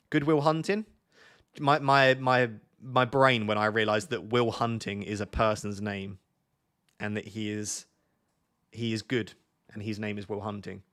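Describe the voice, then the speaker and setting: A man's voice: lowish voice, fairly bright tone. A young man, chatting casually with viewers on a live stream, joking and thinking aloud as he reads their comments.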